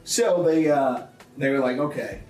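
A man's voice: medium pitch, normal speed, faint music behind. A man with a comedian's ease tells stories about his early career, slipping into the voices of people he met. He is picked up from a distance, with a roomy echo around him. The sound suggests a small theatre. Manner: animated storyteller who acts out quoted people. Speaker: comedian guest. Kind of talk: conversational interview storytelling.

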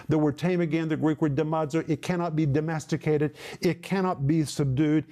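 A middle-aged man teaching a sermon, explaining scripture word by word with deliberate emphasis. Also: a little high, dark tone. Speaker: Bible teacher.

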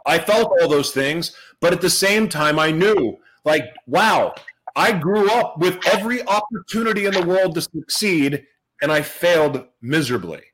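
A man's voice: a little high, lively intonation, normal speed, a bit bright, rough recording. Earnest man telling his own story. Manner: earnest and emotional, with heavy repetition for emphasis. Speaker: motivational speaker sharing his life story. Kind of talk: personal testimony speech to an audience.

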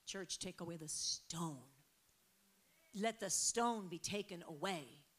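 A woman preaching a sermon with passion, dropping to quiet stretches and then rising to loud, emphatic peaks. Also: on the low side, slow pace, breathy edge.

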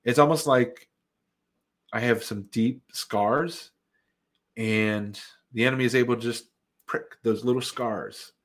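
Man, earnest testimony, reflective, halting with fillers, thirties. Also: mid-range voice, fairly even intonation. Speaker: Christian comedian sharing testimony. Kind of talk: personal testimony.

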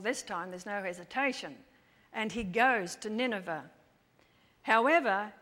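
Woman narrating a Bible story slowly. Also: on the high side, fairly bright tone, in a large hall. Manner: dramatic, playful retelling with wry asides.

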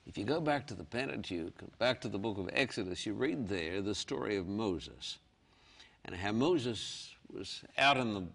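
Earnest male Bible teacher with a gravelly edge, reading scripture deliberately. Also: fairly low pitch, lively intonation, a bit bright. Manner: earnest, reads scripture aloud slowly. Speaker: guest preacher explaining the Bible.

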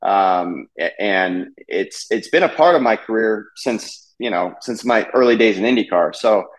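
A man's voice: fairly low pitch, expressive, unhurried, poor audio. A man in his thirties, a race car driver, chatting casually in an interview with many fillers and restarts.

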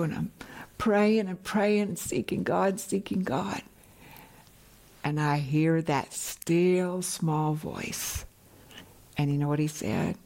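A middle-aged woman delivering a sermon in a slow, unhurried cadence. Her voice sits a little low, and she repeats her phrases with earnest conviction. Now and then she drops into a soft, hushed whisper to press a point home. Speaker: Bible teacher.

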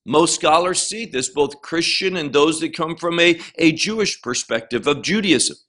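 A man teaching a Bible passage, reading verses slowly and stressing key phrases. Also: on the high side, lively intonation, fairly bright tone. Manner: slow, deliberate, emphatic reading of scripture.

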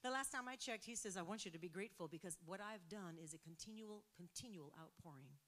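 A woman pastor preaching a sermon, building emphasis and sometimes dropping to a soft near-whisper. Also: lowish voice, fast.

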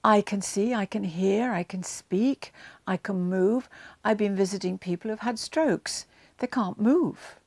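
A woman's voice: medium pitch, measured pace, a little mellow, dry recording. A woman giving a conversational Bible teaching to camera, with chatty asides and frequent ums, growing emphatic as she retells scenes.

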